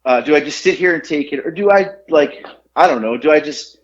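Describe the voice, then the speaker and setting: A man telling a story on a podcast in casual chat, animated and rambling, with lots of fillers and laughs at his own tale. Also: on the high side, brisk, dull audio.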